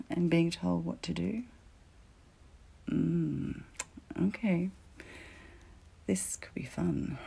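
A woman voicing a teasing, commanding female teacher in an audio role-play, often dropping into soft whispers. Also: sits low, gravelly, slightly rough, exaggerated voice.

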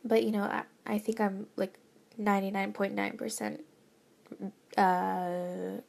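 A woman's voice: medium pitch, flat delivery, measured pace, creaky. A young woman, a college student, chatting in a rambling, hesitant way and often dropping to a whisper, her nose stuffy from a lingering cold. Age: young adult. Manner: rambling, hesitant, with many fillers and soft laughs. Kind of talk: casual chat, often whispered.

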